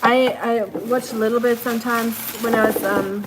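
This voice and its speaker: A woman's voice: on the high side, steady tone, moderate pace. A woman chatting casually on a live stream while she cooks at home, talking to her dog and reading out comments from viewers. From learned British English. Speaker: livestream host. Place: home kitchen. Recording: clear kitchen background noise. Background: kitchen clatter of dishes and pots.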